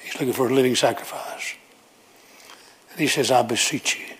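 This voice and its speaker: Husky-voiced man preaching a sermon. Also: medium pitch, normal speed. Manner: emphatic, repetitive, pleading with the congregation.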